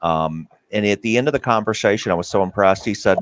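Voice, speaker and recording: A podcast host with a lowish voice interviews a guest about careers, speaking quickly and earnestly while stumbling through lots of fillers and restarts. The recording is dry.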